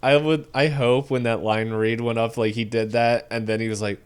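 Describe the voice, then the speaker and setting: A man co-hosts a relaxed film chat on a podcast. He laughs often and acts out lines from the movie in a raised, excited voice. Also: normal speed, clear, resonant tone. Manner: laughs a lot, acts out quotes in a higher voice. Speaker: podcast co-host. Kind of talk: casual film discussion.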